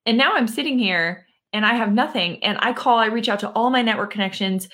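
A woman in her thirties, a mental conditioning coach and podcast guest, telling a personal story in a lively way with many fillers. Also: a little high, brisk.

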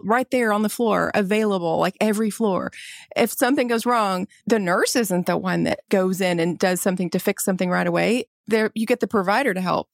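Nurse lady in her 40s chatting on a podcast, earnest, mid pitch, dry close mic. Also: creaky, dry recording. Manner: earnest, chatty, laughs easily. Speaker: nurse guest. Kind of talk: casual podcast interview.

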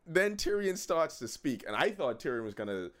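A man's voice: a little high, sing-song, moderate pace, fairly bright tone. A man co-hosting a podcast, chatting casually and animatedly, often laughing and acting out quotes. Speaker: podcast co-host. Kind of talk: casual chat.

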